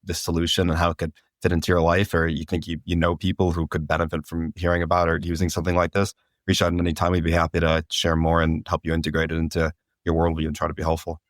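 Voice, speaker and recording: A man speaks as a podcast guest, quick and eager, stumbling a little as he goes. His voice is deep and fairly flat in pitch, and he talks at a rapid pace. The recording is dry and close. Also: no room sound. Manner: quick, eager, slightly halting. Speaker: startup co-founder, podcast guest. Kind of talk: casual podcast conversation.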